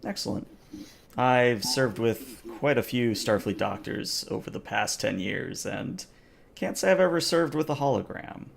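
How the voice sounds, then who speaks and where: A man voicing a tall, formal alien woman VIP in a reptilian biosuit, speaking in a polite, measured way in a tabletop game. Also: medium pitch, expressive, gravelly, a little hiss or hum.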